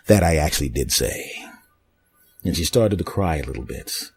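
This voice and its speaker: Low husky man telling crude comic stories. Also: expressive, moderate pace, a little mellow. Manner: crude, rambling, mock-dramatic. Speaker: podcast host. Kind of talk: comedic storytelling monologue.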